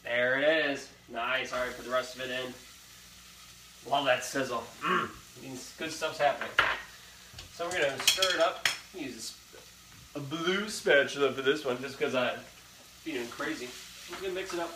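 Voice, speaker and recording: With a medium pitch, normal speed, and long pauses, a young man hosts a casual live cooking demonstration from his home kitchen, chatting upbeat and straight to his audience. The recording is very noisy, with kitchen echo and faint sizzling.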